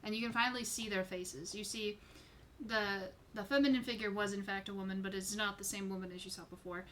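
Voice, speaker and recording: A woman running an online tabletop game as game master, narrating scenes in a loose, casual way with the odd swear. Her voice is bright and forward. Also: medium pitch, fairly even intonation, a little fast, slight background noise. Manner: descriptive, informal, swears casually.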